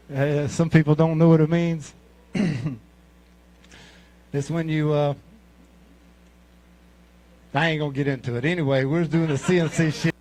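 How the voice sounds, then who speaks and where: A man's voice: fairly high pitch, darkish tone, low-quality recording. A man in his sixties from Mississippi with a Southern accent, telling crude, profane, rambling stand-up stories. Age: 60s. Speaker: amateur comic at a talent show. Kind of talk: stand-up storytelling.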